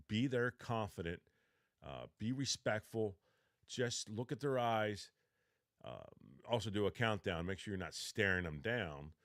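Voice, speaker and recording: A man's voice: lowish voice, no room sound, studio quality. A man in his fifties giving casual, rambling job interview advice on a podcast, often correcting himself mid-sentence. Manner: rambling, self-correcting, acts out both sides of a mock interview. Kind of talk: casual advice talk with role-played practice.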